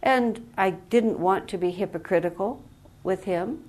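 Woman spiritual teacher, earnest and reflective storyteller, mid-pitched voice. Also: a little slow, a little mellow. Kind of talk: spiritual talk.

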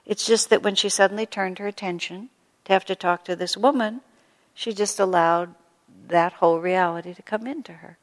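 A woman spiritual teacher giving a gentle storytelling talk to a live audience, full of soft asides. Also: medium pitch, fairly even intonation, moderate pace. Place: hall with an audience. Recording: long hall reverb.

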